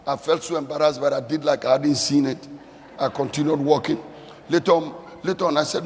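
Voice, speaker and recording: A man's voice: on the high side, fairly even intonation, brisk, big-room sound. A middle-aged male pastor delivering a sermon, mixing emphatic repeated phrases with conversational storytelling.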